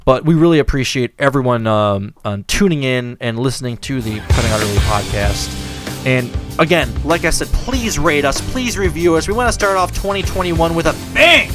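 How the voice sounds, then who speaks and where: Animated chatty male podcast host. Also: mid-range voice, moderate pace, over music. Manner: animated, rambling, incredulous. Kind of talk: casual chat.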